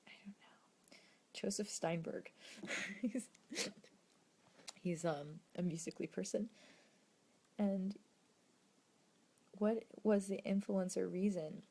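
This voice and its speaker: A young woman, an actress and video creator, reading fan questions in a late-night livestream, talking softly and hesitantly, often dropping to a near-whisper. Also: medium pitch, steady tone, slow pace, pauses often, breathy edge. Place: indoors at home late at night.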